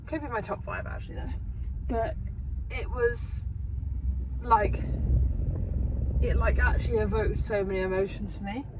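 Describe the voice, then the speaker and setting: A woman's voice: mid-range voice, fairly even intonation, unhurried, pauses often. A young woman vlogging from her car, rambling chattily and swearing casually. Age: young adult. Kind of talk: casual vlog chat. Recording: noisy car interior. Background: car and road noise.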